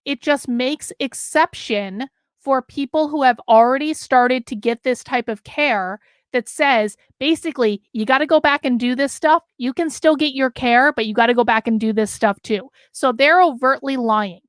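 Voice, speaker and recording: A woman's voice: high-pitched, moderate pace, no room sound, clean studio sound. A woman hosting a live commentary stream, emphatic and losing her voice, reading out and answering chat. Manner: emphatic, talks with her hands. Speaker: host.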